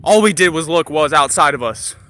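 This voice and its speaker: A high-pitched man with a bright, cutting voice preaches a heated, profane spiritual rant into his phone outside in the sun. He keeps hammering the same phrases for emphasis. Faint street ambience and passing cars sit underneath. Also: animated, brisk, a little hiss or hum. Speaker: spiritual vlogger. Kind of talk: impassioned spiritual rant to camera. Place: outdoors in sunlight.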